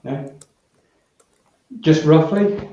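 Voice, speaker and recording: A man's voice: a little high, extremely slow, dark tone. A man with a British accent giving a physics workshop lecture, thinking aloud with many restarts and quizzing the audience. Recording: echoey, dull hall recording from far off.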